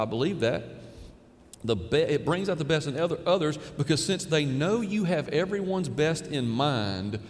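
A male pastor delivers a sermon from a large sanctuary, his voice trailing into a long hall reverb over a faint hum of room noise. He talks to the congregation in a casual, emphatic way, repeating key phrases for stress. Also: medium pitch.

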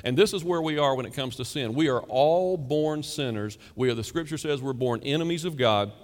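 Male preacher, mid-pitched voice, conversational but emphatic delivery, rhetorical questions, long hall reverb. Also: brisk. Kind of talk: sermon.

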